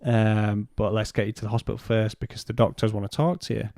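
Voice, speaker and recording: Low, gravelly man telling a story. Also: little pitch movement, dark tone, dry recording, clean studio sound. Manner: halting, retelling conversations in his own words. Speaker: podcast guest. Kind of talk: personal storytelling in conversation.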